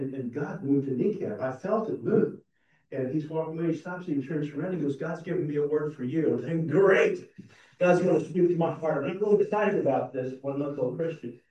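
A man preaching a conversational, self-deprecating sermon in a church, often restarting his sentences. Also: medium pitch. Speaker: pastor. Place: church sanctuary. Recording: roomy, distant, dull sound.

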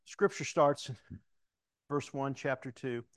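A man preaching a sermon in a church in a folksy, conversational way, telling a story and then praying in a hushed, slow voice. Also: medium pitch.

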